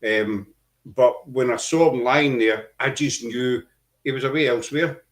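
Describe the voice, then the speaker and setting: A middle-aged man hosting a podcast, telling his story earnestly over a video call, halting often with fillers. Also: mid-range voice. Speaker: podcast host. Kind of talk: casual chat.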